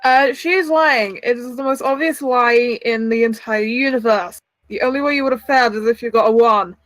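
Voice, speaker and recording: A woman running a tabletop game as game master, narrating with excitable, quick reactions. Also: fairly high pitch, no echo, poor audio.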